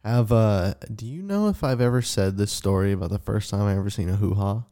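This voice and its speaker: A man's voice: on the low side, brisk, dark tone. A young man co-hosting a podcast, telling a crude story in casual chat with frequent laughs. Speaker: podcast co-host.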